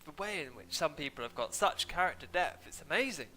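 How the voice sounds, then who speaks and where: Sniffly man with a bright, droning voice. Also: a little high, lively intonation, brisk, slight background noise. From England. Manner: rambling, chatty, self-deprecating. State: sniffly with hay fever. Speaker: streamer. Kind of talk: casual gaming stream commentary. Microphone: desk mic, muted now and then.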